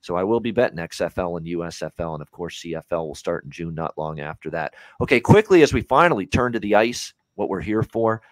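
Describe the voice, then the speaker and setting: A man with a fairly low voice launches into a fired-up podcast rant and swears without holding back. He talks casually into a close mic. The sound is dry and dead, with no room around it. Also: expressive, fast talker, hardly any pauses, no echo. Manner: heated, ranting, swears freely. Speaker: sports betting podcast co-host.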